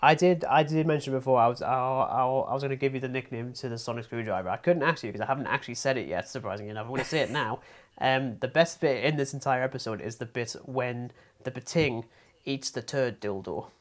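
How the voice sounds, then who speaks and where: A man's voice: medium pitch, fast. A young man co-hosting a film podcast in casual chat. He is wry and a little hesitant, often restarting his sentences. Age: young adult. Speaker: podcast co-host. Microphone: podcast mic.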